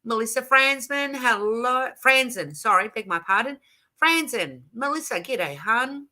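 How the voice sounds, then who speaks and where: A woman's voice: fairly high pitch, animated, unhurried, sharp tone. An Australian woman hosting a casual craft livestream from her home craft room, chatting and greeting viewers one by one. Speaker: livestream host.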